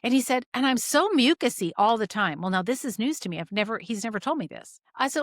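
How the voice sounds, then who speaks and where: A woman hosting a podcast as a health practitioner, retelling a patient case in a casual, animated way and acting out both sides of the conversation. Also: quick pace, hardly any pauses, dry recording, clean studio sound. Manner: animated, acts out both sides of conversations with big pitch jumps. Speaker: podcast host and functional medicine practitioner. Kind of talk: casual storytelling of a clinical case.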